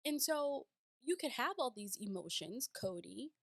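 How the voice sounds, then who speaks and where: A woman's voice: a little high, animated, measured pace, fairly bright tone, no room sound. A woman giving casual, emphatic reaction commentary on a reality show, with many rhetorical questions.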